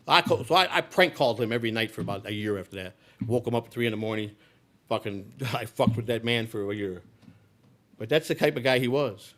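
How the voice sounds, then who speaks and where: A man's voice: mid-range voice, lively intonation, fast talker, fairly bright tone. A man telling a personal story in a live speech, blunt and profane, with frequent restarts. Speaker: speaker.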